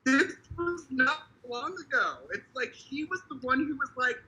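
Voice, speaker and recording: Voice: high-pitched, measured pace, sharp tone, low-quality recording. A speaker in a casual political chat, blunt, sarcastic and swearing freely. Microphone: video call.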